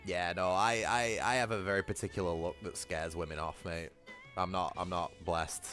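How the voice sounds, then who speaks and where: A man's voice: low-pitched, steady tone, moderate pace, a bit bright, soft background music. A man, chatting casually with his livestream viewers, rambling, swearing freely and laughing often. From Britain. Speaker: gaming livestreamer.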